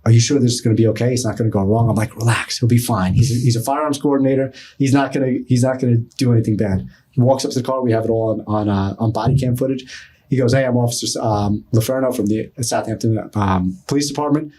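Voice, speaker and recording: A middle-aged man, telling a story as a podcast guest, animated and acting out other people's lines. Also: medium pitch, fast, husky. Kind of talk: storytelling in casual talk.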